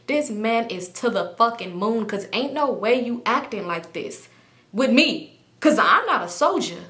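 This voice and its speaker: A young woman in her twenties telling a personal story to her viewers, animated and full of profanity. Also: fairly high pitch, a little fast, reverberant. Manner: animated, profane, laughing often. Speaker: storytime vlogger. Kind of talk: casual storytelling.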